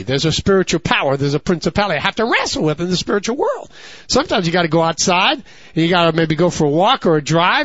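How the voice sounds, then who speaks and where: A middle-aged male pastor preaches in a high, lively voice, leaving questions for the congregation to answer. He swings between ringing emphatic peaks and hushed low asides. The recording is dry and a little dull. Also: no room sound. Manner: preaching with call-and-response questions. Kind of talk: sermon. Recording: slightly dull, dry sound.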